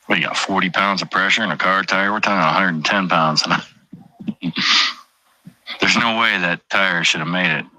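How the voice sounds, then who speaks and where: A man's voice: deep voice, measured pace, pauses often, bright, forceful tone, no room sound, rough recording. A truck driver chatting casually on a stream, rambling, swearing constantly and joking as he goes. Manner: profane, rambling, jokey. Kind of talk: casual livestream chat.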